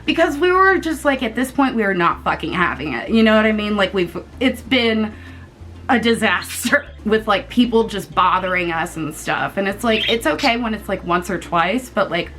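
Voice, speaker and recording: A young woman from the United States, casually telling a storytime vlog in an animated, chatty way and swearing freely. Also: medium pitch, normal speed. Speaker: vlogger.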